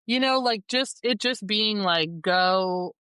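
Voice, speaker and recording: A woman in her forties, a parenting coach, chatting as a guest in an animated way with many fillers. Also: medium pitch, takes it slowly, clean tone, dry recording. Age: 40s. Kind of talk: casual interview chat.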